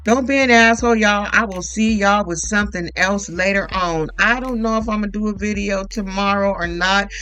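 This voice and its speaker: A woman's voice: mid-range voice, moderate pace, hardly any pauses, clean tone, dry recording, soft background music, rough recording. Blunt, profane woman recapping reality TV. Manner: blunt, profane, animated retelling with quoted voices. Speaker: YouTube reality TV commentator. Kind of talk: casual recap commentary.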